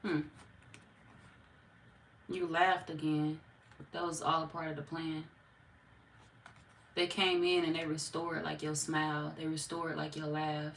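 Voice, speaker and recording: Low-voiced, chatty woman doing a tarot reading. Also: flat delivery, a little slow, long pauses, fairly bright tone, a little hiss or hum. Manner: chatty and playful, laughs often, slangy. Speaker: tarot reader. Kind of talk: casual tarot reading to viewers. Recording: roomy echo, distant mic.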